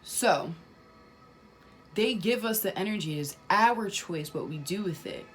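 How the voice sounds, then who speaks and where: A woman's voice: medium pitch, expressive, unhurried, faint music behind. A woman talking casually about spirituality to her viewers, emphatic and repetitive, swearing now and then. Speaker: spiritual vlogger.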